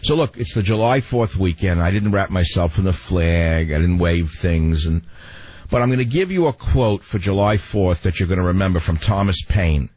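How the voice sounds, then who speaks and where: A man hosting a radio talk show, ranting in an animated, exasperated way into a studio mic. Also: low-pitched, normal speed, slightly rough, dry recording.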